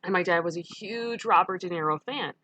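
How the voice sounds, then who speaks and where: A woman's voice: lowish voice, fairly quick, pushed and bright, no echo. Middle-aged new lady teaching a class, chatty, lots of ums, dry close sound. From New York. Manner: conversational, with frequent ums and self-corrections. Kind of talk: recorded online lecture.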